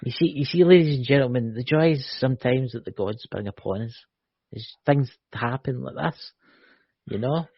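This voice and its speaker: A man's voice: medium pitch, moderate pace, no room sound. A Scottish man co-hosting a live-stream chat over a video call, teasing and joking, with lots of "you know". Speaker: co-host. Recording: dull lo-fi call audio.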